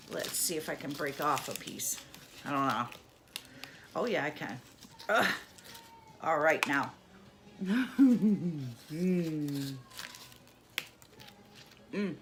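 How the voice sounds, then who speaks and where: A woman's voice: fairly low pitch, heavy background noise. A woman from New York State doing a candy taste-test vlog, savoring each bite and humming with delight. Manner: slow, savoring, lots of happy humming. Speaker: vlogger.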